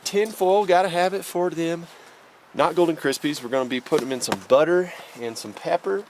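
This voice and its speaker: An outdoor vlogger makes a casual camping vlog from a mountain campsite, easygoing and folksy, saying "y'all" and a little out of breath from the altitude. His voice is fairly high-pitched and brisk, and the recording is very noisy.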